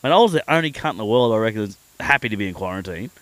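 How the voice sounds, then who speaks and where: An Australian man tells a rowdy story as a podcast guest, his pitch swinging up and down as he talks. He swears freely and keeps the yarn rolling. His voice is close and dry, with no room sound. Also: racing, dry recording. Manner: swears constantly, animated storyteller. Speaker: podcast guest, pro angler. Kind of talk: casual storytelling.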